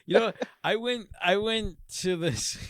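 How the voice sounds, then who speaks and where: A man's voice: high-pitched, measured pace, a bit bright. A man hosting a podcast, chatting casually, joking crudely and laughing often. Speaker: podcast host. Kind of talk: casual comedic chat.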